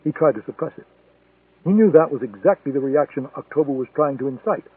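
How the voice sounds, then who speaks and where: A man reading a thriller audiobook in a steady, measured way. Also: mid-range voice, slightly rough, dry recording. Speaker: audiobook narrator. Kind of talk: scripted thriller narration. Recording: tinny phone-like sound, dry.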